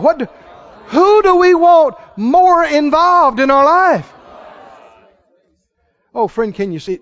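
Very high-pitched, animated preaching man. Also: dull audio. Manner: emphatic, repetitive, rising to exclamations. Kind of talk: sermon.

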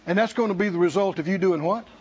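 High-pitched, emphatic male preacher. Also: fast talker, darkish tone, slightly rough, dull audio. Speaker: pastor. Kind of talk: sermon.

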